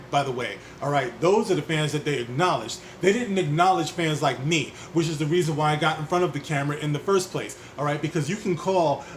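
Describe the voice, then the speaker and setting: A YouTube commentator with a slightly high voice, recorded with a little hiss or hum, hosts a commentary vlog. He reads an article aloud and riffs on it, ranting at its subject as though speaking to him directly.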